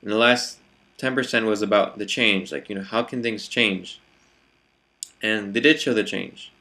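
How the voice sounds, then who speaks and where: A man talks through his thoughts in a relaxed vlog, his voice sitting a little low. He hesitates often and restarts his sentences, filling the gaps with "you know" and "let's say". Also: normal speed. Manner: hesitant, many fillers and restarts. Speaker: vlogger. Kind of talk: reflective casual monologue.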